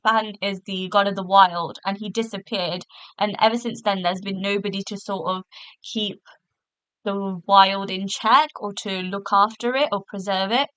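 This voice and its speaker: A woman's voice: medium pitch, sharp tone, clean tone, no echo, low-quality recording. A woman hosting a podcast, chatting casually through a review with lots of fillers and restarts, recorded in a hotel room. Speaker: podcast host.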